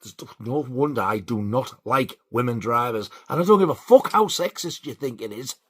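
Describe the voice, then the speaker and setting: A man telling a sweary, animated story in a casual vlog. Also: medium pitch, normal speed, husky. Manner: sweary, animated when riled. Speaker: vlogger.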